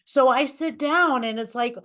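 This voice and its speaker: A woman's voice: high voice, a little slow, a bit bright. A woman co-hosting a webinar, talking in an upbeat, enthusiastic way. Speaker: webinar co-host. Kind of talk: casual presentation.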